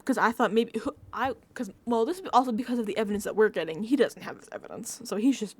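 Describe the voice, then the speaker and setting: A woman vlogger giving a casual recap of a reality show, ranting in an exasperated, animated way with lots of fillers and laughs. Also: fairly high pitch, fast talker, husky. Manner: chatty, many fillers like "like".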